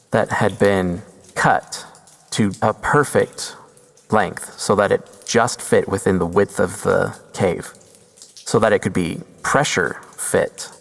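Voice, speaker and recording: A man hosting a podcast, telling a first-person story slowly and deliberately, with suspenseful pauses. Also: sits low, creaky, long reverb tail. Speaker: podcast host.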